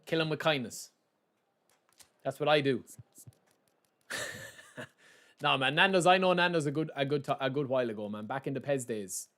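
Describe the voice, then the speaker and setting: A man's voice: mid-range voice, moderate pace, long pauses, fairly bright tone. A man giving casual, joking live commentary while he plays a football game and chats to his viewers. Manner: chatty and joking, talks to viewers as lads. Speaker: gaming streamer.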